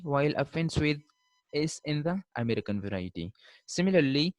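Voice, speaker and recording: Guy teaching a spelling class, kinda high voice, dry close mic, says fine a lot. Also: dry recording, low-quality recording. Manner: repeats "fine" and "uh" often, explains slowly with spelled-out letters. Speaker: linguistics lecturer. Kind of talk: classroom lecture.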